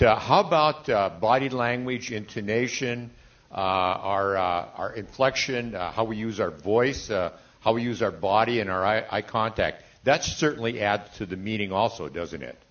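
A man passing on a question to the speaker, hesitant and full of "uh" fillers. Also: lowish voice. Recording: dull lo-fi recording.

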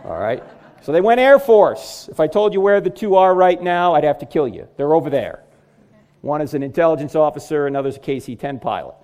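A middle-aged man speaks to a live crowd in a comic lecture on apologetics, landing one punchline after another. His voice sits high for a man. It leaps up and down with lively, animated swings. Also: brisk. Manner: joking, punchline-driven delivery. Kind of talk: humorous lecture to a live audience.

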